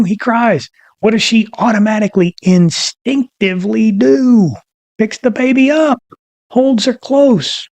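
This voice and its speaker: High-voiced man giving a folksy talk. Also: darkish tone. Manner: folksy, asks many rhetorical questions; repeats phrases for emphasis. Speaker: podcast host. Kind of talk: informal teaching talk.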